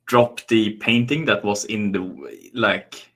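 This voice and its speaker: A man with a somewhat low voice plays a tabletop game. He lays out his character's actions haltingly, stumbling and restarting as he thinks. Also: a bit bright. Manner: halting, stammers and restarts while planning. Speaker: player.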